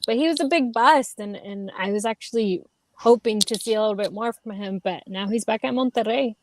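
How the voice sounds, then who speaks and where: A woman's voice: fairly high pitch, a little fast, slight background noise, rough recording. A woman co-hosting a soccer chat, talking casually with lots of fillers. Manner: chatty, filler-heavy. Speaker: soccer podcast co-host.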